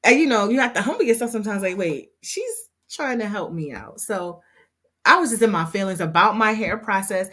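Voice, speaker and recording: A woman with a medium-pitched voice hosts a casual livestream as a hair program instructor. She's chatty, heartfelt, and expressive.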